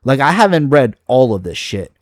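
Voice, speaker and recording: A man's voice: medium pitch, sing-song, normal speed, no room sound, studio quality. Exasperated, profane man ranting. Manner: exasperated, profane, rambling with restarts. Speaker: video creator. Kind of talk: reacting to comments on video.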